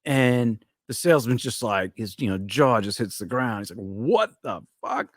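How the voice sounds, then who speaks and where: A man's voice: medium pitch, normal speed, dry recording, studio quality. A man co-hosting a podcast, telling dirty jokes in a laid-back way and laughing at them. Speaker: podcast co-host. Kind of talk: casual chat, telling jokes.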